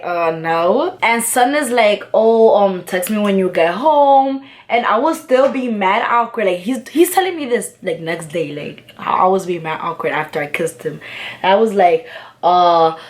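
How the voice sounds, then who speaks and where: Slangy young woman. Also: medium pitch. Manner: candid, slangy and profane, lots of fillers. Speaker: vlogger. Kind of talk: casual storytime while doing makeup.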